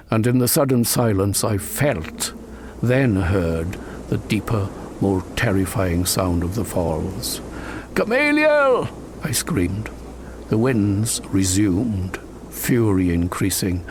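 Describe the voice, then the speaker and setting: A man narrating a suspenseful first-person story in a measured, dramatic way, breaking into sharp cries at tense moments. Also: lowish voice, background noise. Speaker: audiobook narrator.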